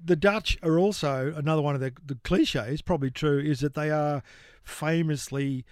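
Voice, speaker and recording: A man's voice: on the high side, moderate pace, no room sound, studio quality. A man, co-hosting a podcast in a rambling, self-deprecating casual chat. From Australia. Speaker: podcast co-host.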